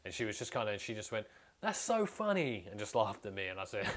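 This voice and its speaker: A man's voice: fairly low pitch, flat delivery, racing, a bit bright. A man, telling personal stories to camera in a candid, blunt way and swearing freely. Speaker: vlogger. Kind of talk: casual storytelling to camera.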